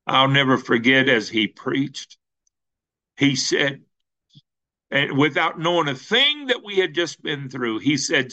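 Slow, bright-voiced preacher man. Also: mid-range voice, lively intonation, rough recording. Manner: slow halting storytelling with many fillers, rising to emphatic peaks. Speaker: pastor. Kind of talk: sermon.

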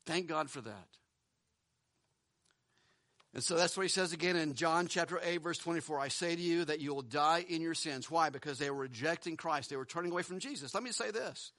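A man's voice: fairly high pitch, a little fast, bright, forceful tone, no room sound. Male pastor, earnest sermon delivery, repeats words, close and dry sound. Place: church building.

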